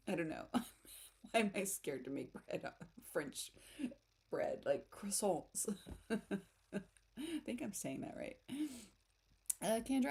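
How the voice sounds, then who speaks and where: A woman's voice: mid-range voice, big pitch swings, slow, gravelly, long pauses, darkish tone, slightly rough. A woman from the United States hosting a livestream, chatting casually and reading out comments, giggly and self-deprecating. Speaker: writing livestream host.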